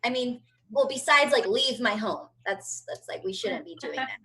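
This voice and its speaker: A woman's voice: a little high, animated, normal speed, a bit bright, a little hiss or hum, poor audio. A woman in her thirties doing a brash, profane stand-up routine from home over a video call. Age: 30s. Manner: brash, profane, chatty storytelling. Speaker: stand-up comedian.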